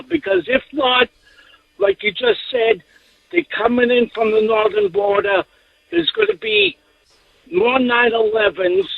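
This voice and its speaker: A man's voice: very high-pitched, vocal fry, no echo. A man calling in to a radio show, arguing heatedly and insistently and repeating his points. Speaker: caller. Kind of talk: call-in radio. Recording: phone line.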